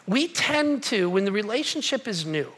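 A man preaching a sermon as pastor, repeating key phrases with emphatic pauses. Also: high voice, big pitch swings, fairly bright tone, husky.

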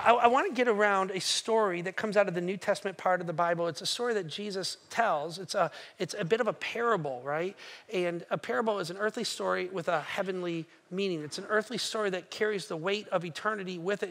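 A man preaching a sermon, telling stories with animated energy and rising to near shouting. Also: sits high. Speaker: pastor.

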